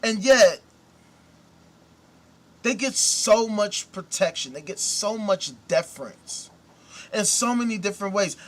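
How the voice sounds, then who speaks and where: A man's voice: high voice, expressive, takes it slowly, pauses often. A man hosting a commentary show, ranting indignantly with profanity and repeated rhetorical questions. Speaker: host. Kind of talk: casual commentary rant.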